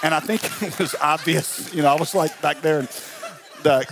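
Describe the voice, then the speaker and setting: A male pastor telling a story in a conference sermon, conversational and humorous, his voice climbing high when excited and dropping soft when reflective. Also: moderate pace, vocal fry, noisy background.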